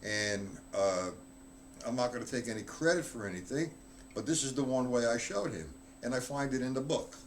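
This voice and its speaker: A man's voice: mid-range voice, moderate pace, a little hiss or hum. A man giving a live drum lesson, talking bluntly and offhand while he counts out stickings aloud. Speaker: drum teacher.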